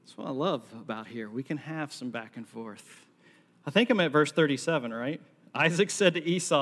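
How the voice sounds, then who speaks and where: A man's voice: on the high side, normal speed, fairly bright tone. A man preaching a sermon to a congregation, telling the story with acted-out lines and jokey asides. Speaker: pastor. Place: large hall with a live congregation. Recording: long hall reverb.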